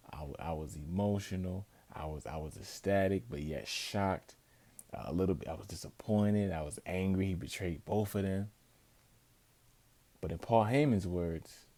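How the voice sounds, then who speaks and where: A man reviewing a wrestling event in a casual vlog, telling it with excited emphasis. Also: low voice. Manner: excitable, emphatic, animated storytelling.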